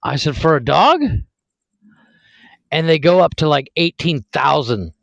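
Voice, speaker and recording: A man's voice: fairly high pitch, animated, measured pace, gravelly, no echo, highs cut off. A man in his thirties co-hosting a podcast, joking crudely and laughing often. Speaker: podcast co-host. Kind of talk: casual crude banter.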